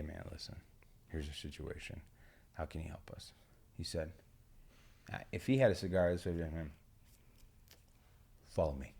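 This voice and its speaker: A man co-hosting a podcast, telling a rambling travel story in a relaxed way, swearing and laughing. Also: deep voice, vocal fry. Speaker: podcast co-host. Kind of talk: casual storytelling chat.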